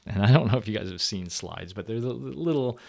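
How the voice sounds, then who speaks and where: A man's voice: fairly low pitch, animated, normal speed, vocal fry, darkish tone, no echo. A man giving a recorded university lecture in a conversational way, with restarts and acted-out quotes. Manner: conversational, acts out quoted people animatedly.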